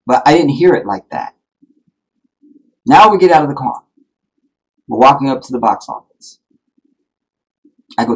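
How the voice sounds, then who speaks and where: A man's voice: medium pitch, animated, measured pace, pauses often, breathy edge, low-quality recording. A man hosting a live stream, telling a personal story to his viewers in a rambling, heartfelt way, full of fillers. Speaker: live-streaming channel host.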